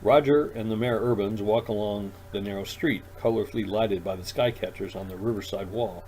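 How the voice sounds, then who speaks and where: Low-voiced man reading his own story. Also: fairly quick, darkish tone, low-quality recording. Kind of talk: audiobook narration.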